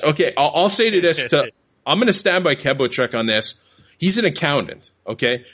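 Brash male podcast host, bright voice, reads listener posts with laughter. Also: a little high, animated, moderate pace. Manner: profane, laughs often, reads tweets aloud. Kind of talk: casual podcast chat over a call.

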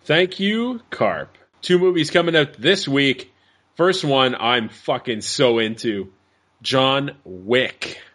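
A man hosting a casual podcast, loose and quick with banter, swearing freely. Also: medium pitch, lively intonation, a bit bright, a little hiss or hum. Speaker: podcast host. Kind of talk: casual chat.

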